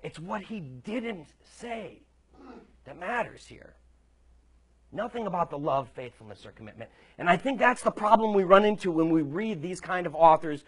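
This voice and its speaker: A man's voice: sits high, a bit bright. A male preacher delivering a sermon, telling a story conversationally with emphatic points.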